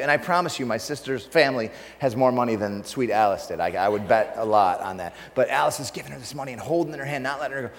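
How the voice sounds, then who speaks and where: A man telling a funny story in a sermon, laughing often and speaking with animated energy as a preacher. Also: medium pitch, a little fast, in a large hall, a little hiss or hum.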